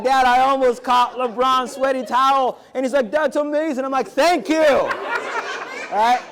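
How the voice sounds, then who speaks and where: A man hosting a late-night show, telling stories with animated delivery that drops to a soft, reflective tone. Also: sits high. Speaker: host.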